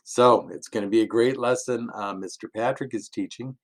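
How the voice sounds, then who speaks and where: A pastor giving a relaxed family sermon as a story, chuckling often and acting out the characters' lines. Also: male voice, mid-range voice, moderate pace.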